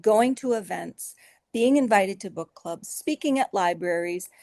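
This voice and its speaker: Earnest middle-aged woman author, a touch of fry, recorded dry, talking openly in an interview. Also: mid-range voice, animated, a little slow, dry recording. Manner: earnest, emotional, with soft laughs and filler restarts. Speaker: author guest. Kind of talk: conversational interview storytelling.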